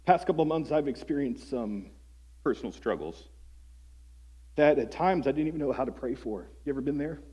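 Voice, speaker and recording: A man's voice: medium pitch, expressive, moderate pace, long pauses, warm tone, husky, lo-fi sound. A man preaching a sermon as pastor, earnest and conversational, asking his listeners questions. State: voice breaking with emotion at times.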